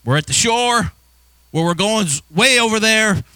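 A male pastor preaching a sermon, building from soft, low passages into impassioned shouts. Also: animated, normal speed, smooth, dry recording.

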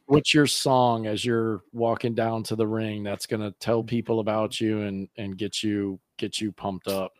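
A man hosting a podcast, asking casual interview questions in a relaxed, loose way. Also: fairly low pitch. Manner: relaxed, loose phrasing, quick back-channel agreement. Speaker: podcast host.

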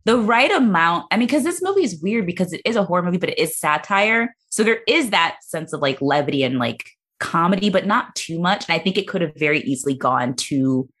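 A woman hosting a casual movie review podcast, talking with animated swings into playful impressions. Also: fairly quick, hardly any pauses, slightly rough. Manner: animated, slips into high-pitched impressions. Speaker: podcast host.

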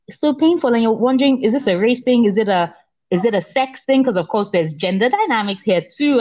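A woman co-hosting a chat podcast, her voice sitting at an ordinary middle pitch. She shares stories earnestly and conversationally. The recording sounds somewhat dull and lo-fi. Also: a little mellow. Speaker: podcast co-host. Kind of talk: casual chat.

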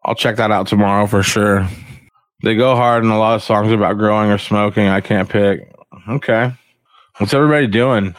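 A man's voice: lowish voice, steady tone, moderate pace, dry recording. Profane, rambling man on a livestream. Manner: profane, slangy and self-mocking. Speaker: podcast host. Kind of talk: rambling casual livestream chat.

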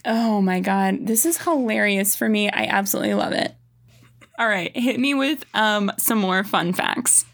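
A woman's voice: medium pitch, moderate pace, a bit bright. A woman co-hosting a casual podcast chat, giggling often and reading quotes aloud with mock drama. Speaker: podcast co-host.

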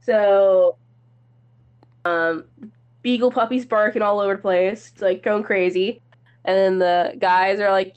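A woman who is sick, retelling a movie's plot in a rambling, halting casual chat with slang. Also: medium pitch, fairly even intonation, a little mellow, clear, resonant tone, muffled recording. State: sick, coughing.

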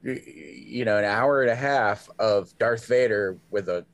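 A man co-hosting a podcast in casual chat, halting and repeating words as he gets going. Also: lowish voice, dry recording.

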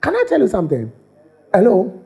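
A man's voice: high voice, brisk, gravelly, crowd noise. A man preaching a sermon as pastor, repeating phrases and restarting lines as he builds his point. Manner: repetitive, animated preaching with stammered restarts.

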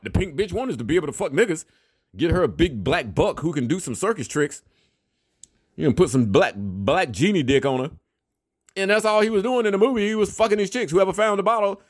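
A man's voice: mid-range voice, no room sound, clean studio sound. A man talking in a casual, profane, rambling monologue, filling his talk with "you know what I'm saying" and breaking into laughs. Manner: animated, often laughing between points.

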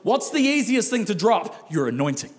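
A man's voice: high-pitched, big pitch swings, moderate pace. A male pastor preaching a sermon in a conversational way, with laughing asides and acted-out quotes.

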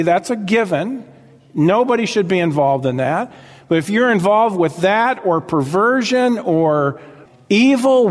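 Exhorting preacher man in a reverberant hall. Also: high-pitched. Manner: exhorting, addresses congregation directly with "listen" and "folks". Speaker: pastor. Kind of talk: sermon. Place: church sanctuary with congregation.

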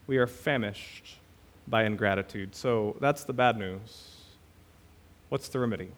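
A man preaching a sermon as pastor, reading scripture aloud and repeating key words with emphatic swings between loud and quiet. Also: on the low side. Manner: slow, emphatic preaching with dramatic swings in loudness.

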